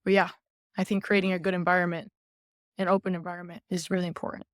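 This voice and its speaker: A young woman, a former college volleyball player, talking as a podcast guest in an outgoing, animated way, acting out quoted remarks. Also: fairly low pitch, fast talker, no room sound, studio quality. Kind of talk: casual podcast conversation.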